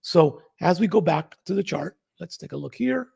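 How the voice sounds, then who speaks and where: A trading-channel host breaks down chart analysis casually and emphatically, leaning on frequent rhetorical questions. His voice is a little high, gravelly with a breathy edge, at normal speed.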